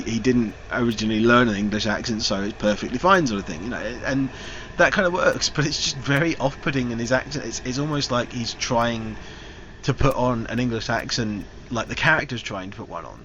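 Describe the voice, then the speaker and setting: A man's voice: medium pitch, a bit bright. Man rambling through a film review. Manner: rambling, frank critique with loose wandering sentences. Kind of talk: casual spoken film review. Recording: slightly dull recording with faint hiss.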